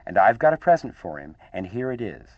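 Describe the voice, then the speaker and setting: A man's voice: lowish voice, sing-song, a little fast, no room sound. A man reading aloud, voicing a young boy who earnestly announces a party in a storybook reading, on a dull lo-fi archive radio recording.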